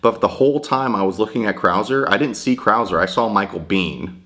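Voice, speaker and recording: Deep-voiced man rambling through a game review. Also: fairly quick, fairly bright tone. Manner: rambling, profane, hesitant with many fillers. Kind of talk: casual game review monologue.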